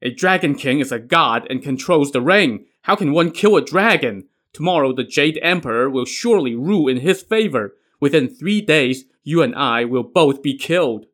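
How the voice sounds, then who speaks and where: A man's voice: on the high side, lively intonation, moderate pace, hardly any pauses, a bit bright. A man voicing a worried middle-aged officer and father in a told myth, given to anxious, scolding outbursts. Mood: distraught.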